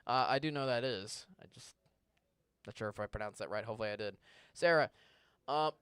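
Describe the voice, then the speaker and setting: Smooth-voiced TV weatherman in conversation. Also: medium pitch, moderate pace, a bit bright, no room sound. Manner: conversational, reads viewer questions aloud; stumbles and restarts when searching for words. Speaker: meteorologist. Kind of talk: live weather Q&A. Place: TV station studio.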